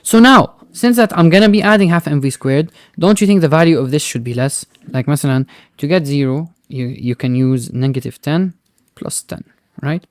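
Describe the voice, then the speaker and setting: A man with a fairly high voice teaches physics in a recorded tutoring lesson, working through problems step by step. He keeps checking in with his students and drops Arabic words into his English. The sound is dry and close, with no room echo. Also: fairly quick, few pauses. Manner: explains step by step, often checking with "right?" and "okay?".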